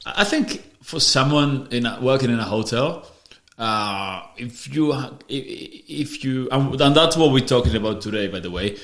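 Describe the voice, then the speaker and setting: This podcast host has a mid-range, slightly bright voice with lively intonation, speaking at normal speed with hardly any pauses. He explains ideas in casual talk, often restarting and repeating himself, in a room with noticeable echo.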